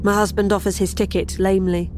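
A woman's voice: mid-range voice, level tone, fast talker, noisy background. A woman narrating a first-person horror story in a wry, sardonic way.

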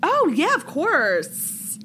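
A woman's voice: high voice, extremely slow. Young female podcast co-host, casual storyteller, filler-heavy, faint hiss. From New York. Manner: chatty, heavy "like" filler, animated retelling.

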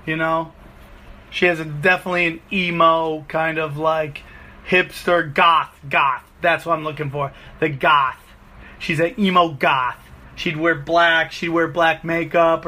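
A man in his forties hosting a podcast, telling a profane, animated comic story on his own. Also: a little high. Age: 40s. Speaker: comedian podcast host. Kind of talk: solo comedic rant.

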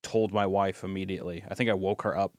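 A man's voice: deep voice, fast talker, no echo, clean studio sound. A man who is an animator co-hosting a comedy podcast, telling stories in casual banter and acting out quotes. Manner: animated storyteller, acts out quotes.

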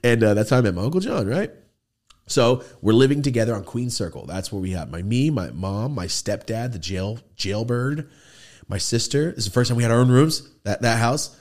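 A man's voice: mid-range voice, animated, a little fast, darkish tone. A man in his thirties hosting a podcast, telling a casual, profane story and acting out the quoted voices. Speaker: podcast host. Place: podcast studio.

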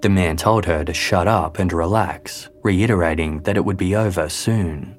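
A man, a podcast host, giving scripted true-crime narration in a measured, grave storytelling manner. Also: sits low, soft background music.

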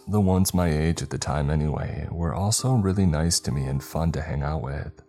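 Man, horror narration, extremely deep voice, dark mellow tone, faint music underneath. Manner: measured, dramatic storytelling.

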